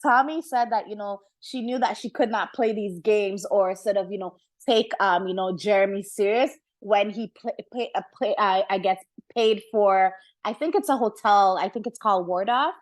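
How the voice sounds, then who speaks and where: A woman hosting a podcast, giving casual gossip commentary in an animated, slangy way, laughing often and using many fillers. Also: mid-range voice, moderate pace. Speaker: podcast host.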